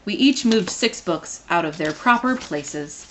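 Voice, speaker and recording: A woman's voice: lowish voice, animated, measured pace, a little hiss or hum. A woman voicing a proper, earnest male Stegosaurus in a storybook read-aloud.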